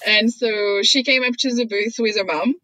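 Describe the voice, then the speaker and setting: Bright-voiced French-native woman. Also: fairly high pitch, fairly even intonation, moderate pace, dry recording, poor audio. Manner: chatty storyteller, laughs often. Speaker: guest. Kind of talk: casual conversation.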